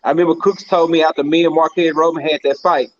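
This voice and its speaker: A man with a fairly high voice swaps army memories in a relaxed, casual chat with old friends. He chimes in easily with stories of his own. His audio sounds a little dull and lo-fi. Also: fast, a little hiss or hum. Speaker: army veteran.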